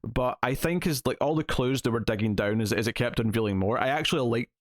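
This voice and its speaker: A man in a relaxed podcast chat, talking through a TV episode scene by scene. His voice sits at a middling pitch and the recording is dry and close. He speaks casually and quotes lines from the show as he goes. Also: quick pace, dry recording. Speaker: podcast co-host.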